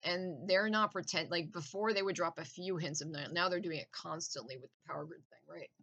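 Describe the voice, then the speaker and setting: A woman's voice: lowish voice, fairly quick, a bit bright, low-quality recording. A woman in a casual, profane, intense rant with laughing asides.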